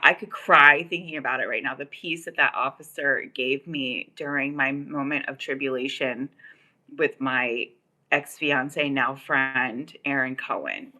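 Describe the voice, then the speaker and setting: On a casual livestream from the Los Angeles area, a woman host tells a long, rambling personal story thick with "like" and "um." Her voice is low-pitched, bright, and forceful.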